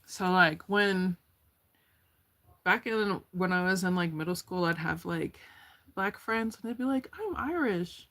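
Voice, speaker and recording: A woman's voice: lowish voice, a little slow, pauses often, pushed and bright. A woman giving a casual tarot card reading, chatty and slangy, going off on tangents. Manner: chatty, slangy, laughs easily and goes off on tangents.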